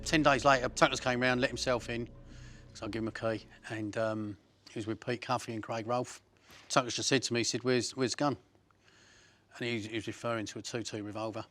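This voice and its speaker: A man's voice: mid-range voice, little pitch movement, fairly quick, fairly bright tone, soft background music. A man, recounting a violent episode in blunt, coarse words. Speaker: interviewee.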